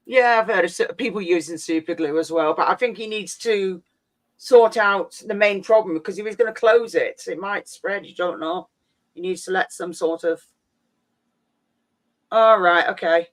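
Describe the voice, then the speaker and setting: A woman's voice: fairly low pitch, normal speed. A woman hosting a casual livestream, rambling and teasing as she chats. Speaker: livestream host. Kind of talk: casual chat.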